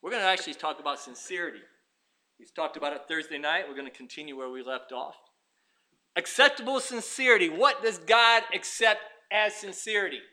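A man's voice: sits high, a little fast, pushed and bright. A man preaching a sermon as pastor, emphatic and repeating his points.

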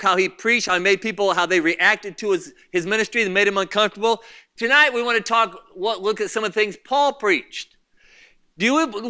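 A man preaching a sermon as pastor, impassioned, swinging between loud outbursts and quiet asides. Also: sits high, clean tone.

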